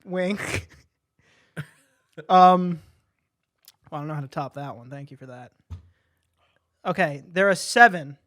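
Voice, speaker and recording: High-voiced man teasing and laughing. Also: fairly bright tone. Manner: teasing, quick to laugh, pitches outlandish scenarios. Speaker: podcast co-host. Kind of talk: casual comedic chat.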